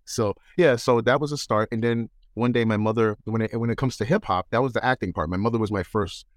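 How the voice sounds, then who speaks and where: Lively New man telling stories. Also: lowish voice, brisk, no room sound, studio quality. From New York. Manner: animated, mimics voices in anecdotes. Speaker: guest entertainer. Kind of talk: casual interview storytelling.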